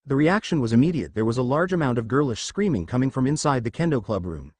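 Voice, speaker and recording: A man reading out a fan-fiction story as scripted narration, with a lively, animated delivery. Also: medium pitch, fast, no room sound.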